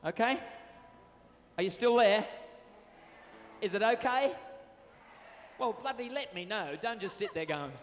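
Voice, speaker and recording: A man's voice: high-pitched, lively intonation, unhurried, pauses often, slight background noise. Cheeky Australian man joking on stage. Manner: cheeky, chatty, teasing the crowd. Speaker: stage entertainer and singer. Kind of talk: joking live stage banter with the audience. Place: stage at a fair venue before a live audience. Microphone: stage microphone on a cable. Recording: reverberant live venue with band music.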